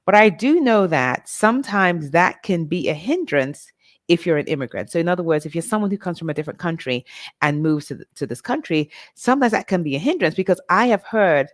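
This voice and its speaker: A woman's voice: on the low side, lively intonation, fairly quick, no room sound, clean studio sound. A middle-aged woman from Nigeria, talking candidly and directly to her listeners in a reflective personal monologue. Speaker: vlog host.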